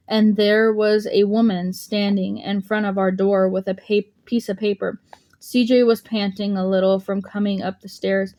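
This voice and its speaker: A woman's voice: medium pitch, darkish tone. A woman narrating an audiobook, voicing the dialogue lightly, with small slips and restarts. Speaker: audiobook reader.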